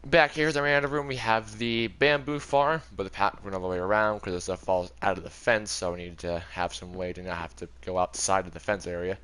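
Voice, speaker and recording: Bright-toned young man touring his game world. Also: low voice, steady tone, fairly quick, hardly any pauses, smooth. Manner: rambling, chatty, self-correcting. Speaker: gaming video creator. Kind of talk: casual game tour commentary.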